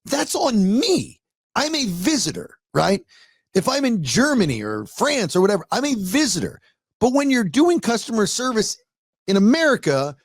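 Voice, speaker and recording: A man chatting on a podcast, talking with a slightly high pitch and a very lively, animated tone. He tells stories in a rambling way, full of restarts. The room is very dry. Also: no room sound. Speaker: podcast host. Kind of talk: casual chat.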